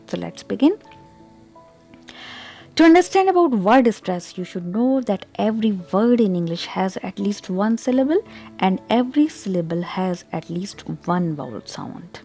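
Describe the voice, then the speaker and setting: A woman teaching English pronunciation in an online tutorial, explaining carefully and deliberately, and pronouncing example words with clear stress. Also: mid-range voice, animated, dark tone, faint music behind.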